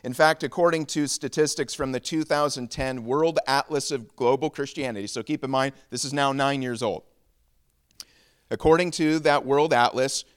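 A man's voice: medium pitch, a bit bright, clear, resonant tone. A man preaching a sermon as pastor, moving from prayer into a joke and teaching. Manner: prays then tells a joke with acted voices.

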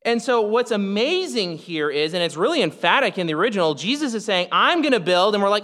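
A man's voice: sits high, big pitch swings, fast talker, few pauses, a bit bright, long reverb tail. A man preaching a sermon as pastor, emphatic and explanatory, often restarting his sentences.

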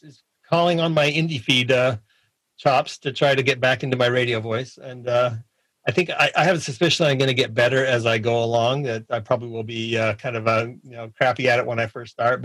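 A man's voice: medium pitch, little pitch movement, a bit bright, no room sound, poor audio. A man talking as a podcast guest in a friendly, casual way, often restarting his sentences. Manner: friendly, halting with many restarts. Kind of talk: casual interview chat.

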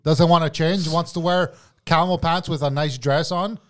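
A man in his thirties, a father, telling animated, profane stories in casual podcast chat. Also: fairly high pitch, moderate pace.

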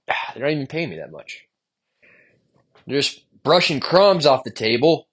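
A man's voice: mid-range voice, very animated, moderate pace, pauses often, a bit bright, slightly rough. A young man hosting a solo podcast, venting in a rambling, profane, frustrated way about his jobs. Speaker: podcast host. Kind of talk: solo stream-of-consciousness podcast monologue.

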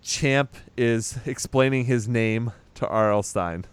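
Clear-voiced man recapping a film casually. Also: mid-range voice, takes it slowly, no room sound. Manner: rambling retelling with acted-out quotes and laughs. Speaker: podcast co-host recapping a movie. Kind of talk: casual chat.

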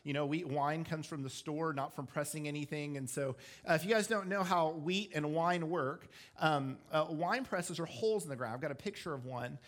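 A man preaching a sermon with a slightly high voice, talking his listeners through the story in a relaxed, explanatory way. He drops in self-deprecating asides and stays conversational rather than formal. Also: moderate pace, few pauses. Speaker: pastor.

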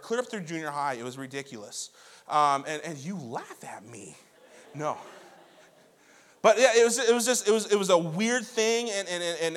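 Young male preacher, high voice, chatty storytelling sermon. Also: fairly bright tone. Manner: conversational, self-deprecating storytelling with many restarts. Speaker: pastor.

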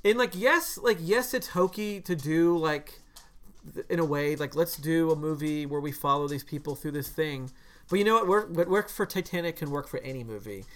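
A man co-hosting a podcast, talking casually about a film in long, animated runs full of "like.". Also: a little high, normal speed. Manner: animated, slips into mock voices to quote characters; talks in long runs with many "like" fillers. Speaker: podcast co-host.

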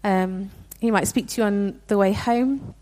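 A woman's voice: medium pitch, unhurried, a little mellow. A young woman giving a sermon in a conversational, earnest way, with frequent restarts. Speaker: preacher.

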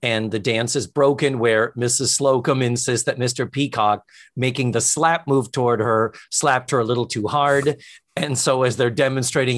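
A man's voice: mid-range voice, normal speed. Chatty man retelling a show. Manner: animated retelling with quoted lines. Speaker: podcast co-host. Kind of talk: casual chat.

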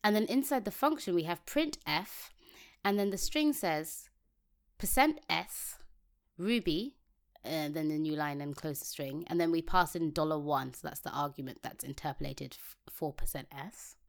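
A woman's voice: deep voice, normal speed. A woman co-hosting a casual technical podcast, reading code aloud step by step and laughing easily. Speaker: podcast co-host.

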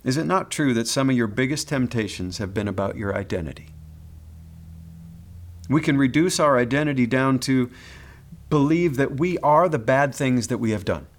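A man's voice: mid-range voice, lively intonation, normal speed. A man preaching a sermon as pastor, earnest and pastoral, sometimes repeating a word as he builds a point.

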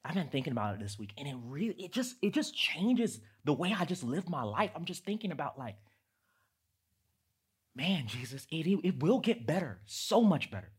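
A man in his thirties preaches a sermon in a husky, slightly breathy voice. He talks casually, like he is chatting with the congregation, then climbs to loud, emphatic peaks. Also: on the high side, sing-song, moderate pace. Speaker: pastor.

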